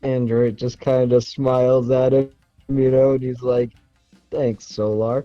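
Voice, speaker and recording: A man playing a tabletop game, joking in a relaxed, slangy way. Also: medium pitch, unhurried, clean tone, no room sound, lo-fi sound, faint music behind. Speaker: player.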